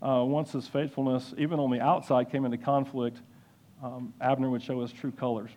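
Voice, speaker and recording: A man giving a sermon-style Bible lesson, halting with many fillers and restarts. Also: mid-range voice, little pitch movement, warm tone, muffled recording. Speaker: Bible teacher.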